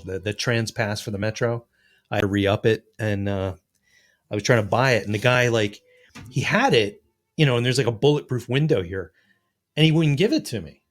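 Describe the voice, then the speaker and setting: A man co-hosting a podcast, blunt and swearing freely in casual chat. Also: lowish voice. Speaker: podcast co-host.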